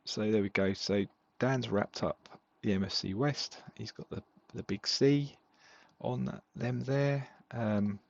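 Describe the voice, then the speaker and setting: A man's voice: fairly low pitch, slow, creaky, dry recording, muffled recording. A man co-hosting a podcast, chatting casually and rambling about game results. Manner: relaxed, rambling with fillers. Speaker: podcast co-host. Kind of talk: casual chat reviewing fantasy football games.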